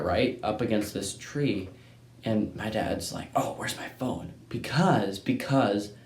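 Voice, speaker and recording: A young Texan who hosts a hunting channel tells a hunting story casually and in a rambling way, his lowish voice a little mellow. He keeps tacking on "right?" and saying "anyways." The room is echoey, with faint background noise.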